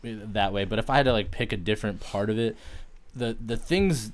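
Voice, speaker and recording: A man with a fairly low voice chats casually about a film. He talks in halting bursts and keeps restarting, with "like" in almost every sentence. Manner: halting, fillers, lots of "like". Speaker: podcast co-host. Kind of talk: casual movie chat.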